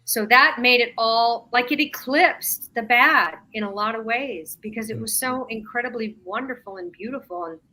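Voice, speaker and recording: A middle-aged woman, a podcast guest, recounting an experience in animated, emotional storytelling with quoted dialogue. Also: on the high side, moderate pace, hardly any pauses. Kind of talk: conversational storytelling.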